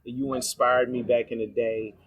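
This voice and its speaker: A man's voice: medium pitch, level tone, moderate pace, no room sound. A middle-aged man, a comic artist, telling his story as a podcast guest at a convention. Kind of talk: casual interview. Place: convention floor, recorded live.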